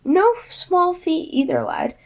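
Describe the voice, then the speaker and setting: A woman voicing a kindly, patient older male teacher, speaking in a gentle, measured and formal way in a storybook reading. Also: very high-pitched, huge pitch swings, muffled recording, pitched above the performer's own voice, full character voice.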